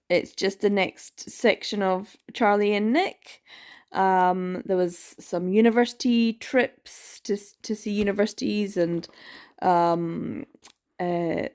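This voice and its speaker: A woman's voice: mid-range voice, a little mellow. Chatty woman vlogging her reads. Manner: chatty, rambling, laughs often, lots of ums. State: tired, yawning. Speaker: book vlogger. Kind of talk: casual reading vlog chat.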